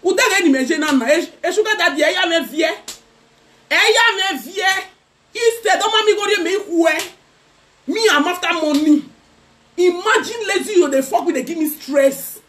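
A woman's voice: extremely high pitch, lively intonation, moderate pace, fairly bright tone, slight background noise. A young Nigerian woman vlogger giving a mocking gossip commentary rant in a taunting, sing-song way.

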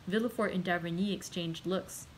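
A woman librarian narrating a classic novel aloud in a steady, measured reading. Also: on the low side, a little hiss or hum, poor audio. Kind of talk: audiobook narration.

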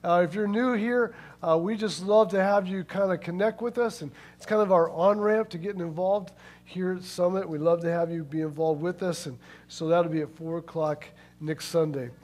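High-voiced man preaching casually. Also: steady tone, normal speed, a little mellow. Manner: casual, folksy storytelling with many fillers. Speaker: pastor. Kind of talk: sermon with announcements and a told joke.

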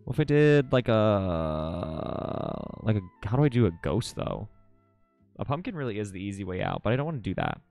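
A man streaming live while drawing, chatting casually with viewers, excitable, swearing a lot and laughing often. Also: fairly low pitch, normal speed, gravelly, soft background music.

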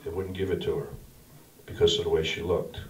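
A man's voice: low-pitched, a little fast, slight background noise. A middle-aged man giving a casual, slangy sermon as a pastor, telling stories about his own life. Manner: casual storytelling, slangy and animated. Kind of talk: informal sermon. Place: small church cafe venue. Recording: echoey room from far off.

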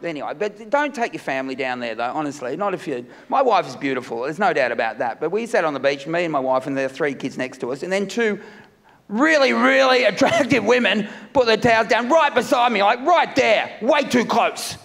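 A middle-aged man from Melbourne with an Australian accent, doing a loud, rambling, self-mocking stand-up routine on a festival stage. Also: high-pitched, sing-song, brisk, creaky, in a large hall. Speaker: stand-up comedian. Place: comedy festival stage with live audience.

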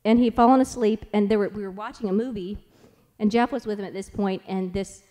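A woman's voice: medium pitch, steady tone, brisk, warm tone, in a large hall. A mother speaking at a church family conference who tells anecdotes about her kids in a chatty, rambling way, with many "like"s and restarts. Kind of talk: conference talk with storytelling.

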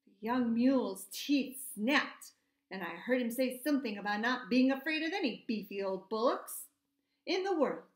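A woman's voice: on the high side, lively intonation, normal speed. Woman reading a storybook, echoey room. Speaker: audiobook reader. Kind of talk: storybook narration.

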